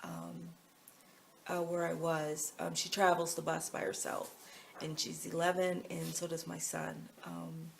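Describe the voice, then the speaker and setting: A middle-aged American woman with an American accent, talking into a handheld phone out in town. Her voice has a gravelly fry, and she wanders from thought to thought with plenty of ums and likes. A faint hiss of outdoor noise sits behind her. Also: low-pitched, level tone, a little slow. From United States. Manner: chatty, meandering, full of fillers. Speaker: vlogger. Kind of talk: casual rambling chat.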